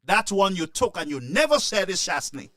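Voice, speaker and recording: A man delivers impassioned political commentary in a high, bright voice. He repeats himself and stumbles through restarts as he presses each point. The sound is dry and close. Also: very animated, moderate pace, no echo. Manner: emotional, repetitive, stammering restarts.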